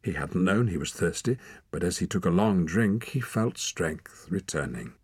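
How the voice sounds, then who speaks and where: A man narrating an audiobook in a calm, measured storytelling manner. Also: deep voice, breathy edge, dry recording. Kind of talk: scripted narration.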